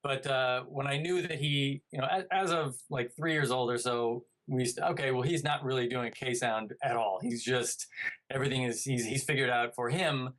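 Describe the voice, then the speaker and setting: A man's voice: mid-range voice, fairly even intonation, moderate pace, a bit bright. A man in his thirties, a comedian guest, telling stories in a casual interview, rambling and restarting with playful asides.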